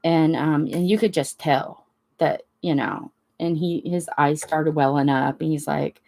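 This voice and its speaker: Her voice is deep and a little slow, with vocal fry. She's a crafting channel host retelling a rambling story in a relaxed, animated way, voicing the dialogue herself.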